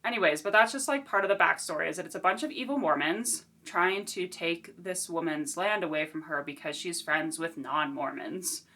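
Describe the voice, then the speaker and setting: A woman's voice: fairly low pitch, normal speed, few pauses, bright, forceful tone. A woman chatting casually through a book review, giggly and self-deprecating.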